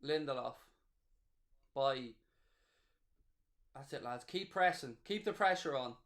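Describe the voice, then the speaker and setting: A man of medium pitch speaks slowly while hosting a live football watchalong. Still excitable, he cheers, gloats, and reads his chat's viewer messages aloud.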